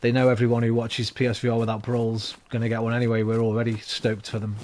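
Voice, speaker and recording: A man's voice: mid-range voice, monotone, fast talker, a little mellow, slight background noise. A tired man chatting and rambling casually to his viewers while streaming a game. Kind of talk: casual live-stream chat while gaming.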